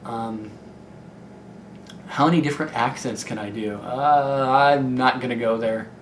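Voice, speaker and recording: A young male gaming YouTuber from Ohio, speaking with a Midwestern American accent, chats through a casual Q&A vlog in a mid-pitched voice at a measured pace. He's rambling, candid, and unpolished, with many fillers and restarts. It's recorded in a slightly echoey room with faint noise.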